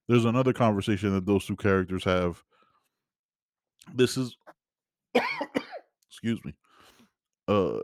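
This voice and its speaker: Male podcast host, low-pitched, exasperated rambling movie-review rant, dry recording. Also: a little mellow, dry recording. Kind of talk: casual solo movie review.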